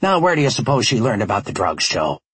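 A suspicious police detective who scolds with dry sarcasm, as voiced by a male narrator. The voice is low and husky, and the pitch moves a lot. It is recorded close and dry. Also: big pitch swings, quick pace, fairly bright tone, no echo, heavily acted. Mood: annoyed. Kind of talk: audiobook character voice.

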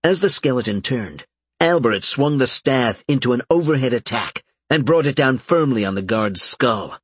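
A man narrating an audiobook in a steady, matter-of-fact way, with a husky voice. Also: medium pitch, normal speed, no echo. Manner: steady, matter-of-fact reading of game stats. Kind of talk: scripted narration.

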